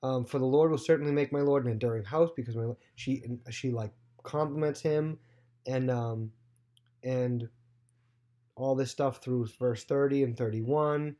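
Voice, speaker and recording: A man giving a casual Bible lesson, retelling the passage in his own loose words with plenty of fillers and restarts. His voice sits at a middling pitch with a dark, mellow tone. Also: moderate pace. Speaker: teacher.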